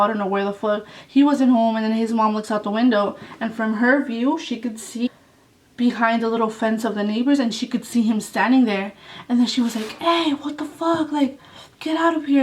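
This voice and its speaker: A woman's voice: fairly high pitch, far from the mic, rough recording. A young woman telling a story on her vlog in a blunt, casual way, swearing a lot and saying "like" often. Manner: blunt, heavy swearing, lots of "like". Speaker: vlogger.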